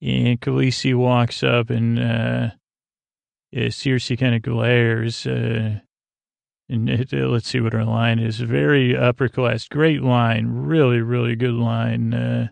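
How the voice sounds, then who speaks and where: Flat, gravelly man rambling a recap. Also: medium pitch, takes it slowly, no echo. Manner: rambling, many uh fillers, flat drowsy delivery. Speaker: podcast host recapping a TV episode. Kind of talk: casual sleepy recap.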